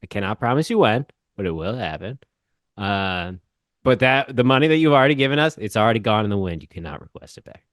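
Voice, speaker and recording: A man co-hosting a podcast, talking in loose, teasing banter. His pitch jumps around a lot, and the recording is dry and close. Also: quick pace, no echo. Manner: animated, jokey, teasing. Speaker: podcast co-host. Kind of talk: casual banter.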